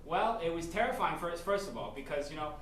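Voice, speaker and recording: A man's voice: on the high side, big pitch swings, brisk, fairly bright tone, slight background noise. A man doing improv comedy on a theater stage, stammering and hesitant. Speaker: improv performer. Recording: echoey theater, far from mic.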